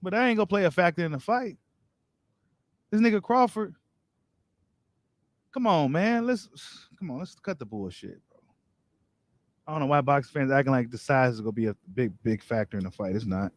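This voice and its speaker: A man's voice: mid-range voice, animated, normal speed, long pauses, no room sound. A man hosting a boxing live stream, reading viewer comments and giving his take in casual, slangy talk straight to his viewers. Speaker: boxing channel host.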